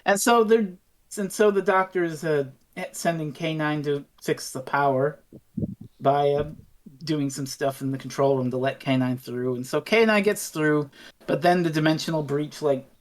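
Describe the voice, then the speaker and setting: A woman's voice: low voice, moderate pace. A woman co-hosting a podcast, recapping an episode in a playful, giggly way and acting out the characters' lines. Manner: playful and giggly, acting out scenes in quoted voices. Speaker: podcast co-host. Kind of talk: casual chat, recapping an episode.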